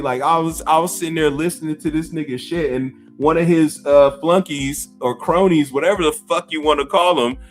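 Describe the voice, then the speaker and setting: A man's voice: on the high side, fairly bright tone. A man in his fifties, a gaming YouTuber, ranting to camera with profanity and scornful laughter. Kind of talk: heated rant to camera.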